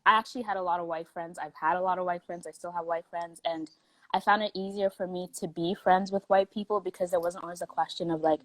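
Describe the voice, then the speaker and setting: A woman's voice: on the low side, fairly even intonation, quick pace, fairly bright tone, no echo, poor audio. A young woman with a Canadian accent, originally from South Africa, chatting casually as a guest and telling stories with lots of "like". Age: young adult. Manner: chatty storytelling, heavy use of "like". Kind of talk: casual chat.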